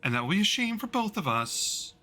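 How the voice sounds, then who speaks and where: A cruel, haughty vampire bride, put on by a man. She mocks and commands in a bright, forceful voice, pitched well above his own and louder. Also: sing-song, a little fast, soft background music, full character voice. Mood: imperious. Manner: mocking, imperious and taunting.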